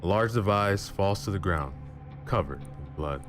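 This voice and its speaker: A male storyteller with an extremely low, booming voice reads a story in the first person, dramatic and measured. Music runs behind him throughout. He closes as the channel's host. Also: lively intonation.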